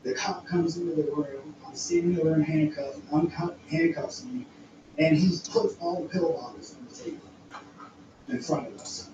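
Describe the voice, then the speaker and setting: A man rambles through a story from his past, frank and loose, restarting his sentences and swearing as he goes. His voice sits a little high and reaches the mic from a distance. The room rings with heavy echo over a noisy background. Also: fairly even intonation, moderate pace, dull audio. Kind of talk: casual conversational storytelling. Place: home studio room.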